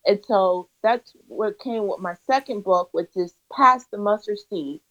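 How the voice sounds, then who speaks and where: A woman's voice: mid-range voice, measured pace, a bit bright. A woman guest on an interview, telling her story in an earnest, emphatic way with a preacher-like cadence. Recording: slightly dull lo-fi audio.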